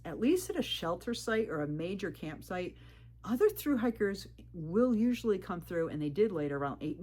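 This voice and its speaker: Indignant woman telling a trail story. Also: on the low side. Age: middle-aged. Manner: indignant, animated, mimics others in quoted lines. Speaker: hiking vlogger. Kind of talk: casual storytelling monologue.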